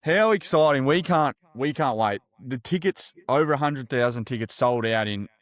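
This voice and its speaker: An Australian man hosting an interview, enthusiastic and lively with his guest. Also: mid-range voice, moderate pace, no echo. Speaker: podcast host. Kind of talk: upbeat interview.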